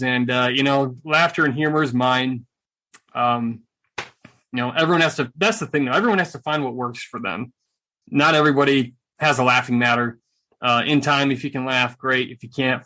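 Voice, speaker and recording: A middle-aged man, a veteran guest in an interview, telling stories in a casual, animated, joking way with a sarcastic streak. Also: medium pitch, moderate pace. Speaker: guest, combat veteran and speaker.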